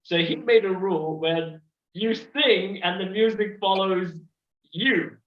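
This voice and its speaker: A man's voice: sits high, slow pace. A man in casual chat, explaining something at length with rambling restarts, recorded with roomy, dull lo-fi sound.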